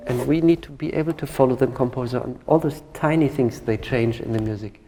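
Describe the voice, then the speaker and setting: A man's voice: mid-range voice, brisk. A man teaching a violin masterclass, speaking thoughtfully with hesitant phrasing and singing phrases to demonstrate. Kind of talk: masterclass coaching. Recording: reverberant hall with violin music.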